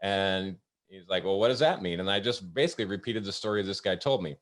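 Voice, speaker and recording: A man with a very low, deep voice hosts a casual webinar. He tells work stories at an easygoing pace, pausing often with ums and uhs, speaking over what sounds like a video call. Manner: storytelling, halting with many fillers. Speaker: host. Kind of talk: casual webinar talk with anecdotes.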